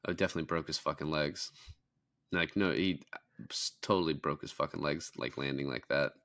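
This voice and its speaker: A man's voice: rumbling low, fairly quick, a bit bright. A young man co-hosting a casual film review podcast, retelling scenes with lots of swearing and fillers. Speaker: podcast co-host.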